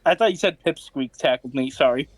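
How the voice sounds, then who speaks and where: A man's voice: mid-range voice, brisk, crowd noise. A man playing a tabletop game, hesitating and checking rules aloud. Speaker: player. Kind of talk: casual tabletop game talk.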